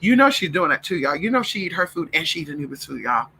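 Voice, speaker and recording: A man talks to his viewers in a loose, campy, foul-mouthed chat, calling everyone girl and honey. His voice is strikingly bright and a little high. His pitch swings widely as he goes. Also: quick pace, vocal fry, slight background noise, low-quality recording. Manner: animated, breaks off to talk to his dogs. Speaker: vlogger. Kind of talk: casual livestream chat.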